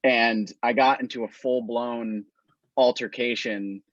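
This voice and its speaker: A man in his twenties, a band member, tells a story in a casual interview at a middle pitch. The recording is dry and a little dull. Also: fairly even intonation, unhurried, a bit bright, no room sound. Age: 20s.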